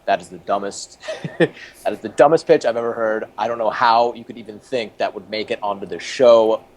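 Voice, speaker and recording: A man imitating a gruff male TV host who barks curt orders at his staff. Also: lowish voice, moderate pace, slight background noise, close to an everyday voice. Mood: scornful. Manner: curt, yelling commands.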